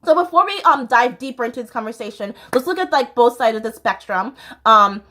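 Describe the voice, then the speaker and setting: A woman's voice: on the high side, lively intonation, brisk, bright, forceful tone. A young American woman hosting her own vlog, chatting in a bubbly, casual way with frequent laughter and fillers. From United States. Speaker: YouTube host.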